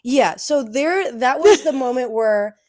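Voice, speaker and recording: A young woman co-hosting a casual chat show, telling animated stories about her work as a cashier. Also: measured pace, no echo, clean studio sound. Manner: animated storytelling, acts out customers in high voices. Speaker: podcast co-host.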